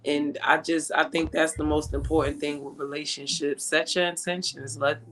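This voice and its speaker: A woman hosting a casual online panel chat, telling stories in a drawn-out way and laughing often. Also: deep voice, level tone, fairly bright tone. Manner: slow, drawn-out, laughing storyteller. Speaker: panel host.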